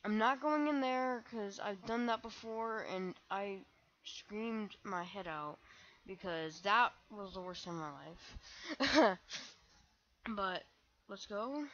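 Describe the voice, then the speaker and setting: A young woman commenting on her own gameplay, excitable and self-mocking, breaking into shrieks when panicked. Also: mid-range voice, slow pace, dull audio, a little hiss or hum. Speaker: gaming channel host.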